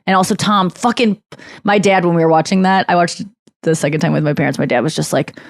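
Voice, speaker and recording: Rambling, animated woman podcast host. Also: on the low side, fast. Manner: rambling, animated, with fillers and restarts. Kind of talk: casual chat.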